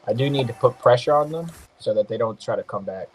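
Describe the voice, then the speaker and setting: A young man commenting on his own mobile game match, excitable and swearing freely, with quick apologetic asides. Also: mid-range voice, breathy edge. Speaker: gaming podcast host. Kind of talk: casual gameplay commentary.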